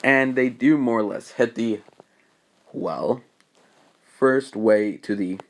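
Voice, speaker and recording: Man narrating an improvised fan story, halting and rambly. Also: medium pitch. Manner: rambling, halting, frequent fillers.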